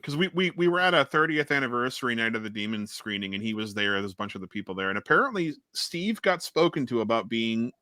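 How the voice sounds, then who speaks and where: A man's voice: mid-range voice, quick pace, hardly any pauses, dry recording, studio quality. A man co-hosting a horror podcast, chatting casually and telling rambling, profane stories. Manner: rambling, animated storyteller with profanity. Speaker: podcast co-host. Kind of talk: casual chat.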